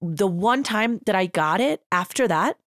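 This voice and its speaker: A woman's voice: mid-range voice, animated, measured pace, no echo, clean studio sound. A young woman hosting a podcast, giving a casual, emphatic motivational monologue full of filler words. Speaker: podcast host.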